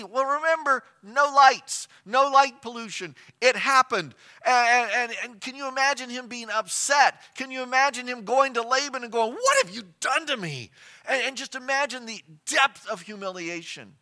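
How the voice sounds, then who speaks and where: A man preaching a sermon as pastor, retelling a scripture story with rhetorical questions and shifts between loud and soft emphasis. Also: very high voice.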